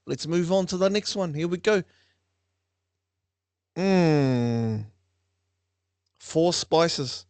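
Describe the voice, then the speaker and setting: A man hosting a lively quiz for a class, playful and teasing with frequent laughter. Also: sits high, no room sound. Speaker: online class quiz host.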